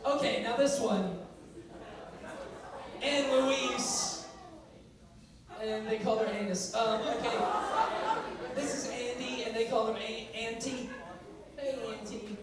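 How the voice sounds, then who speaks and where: A man's voice: very high voice, steady tone, slow pace, long pauses, a crowd in the background. A young man speaking as a youth speaker, talking casually and playfully to a live audience in a large hall. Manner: playful and joking. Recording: echoey hall from far off with audience.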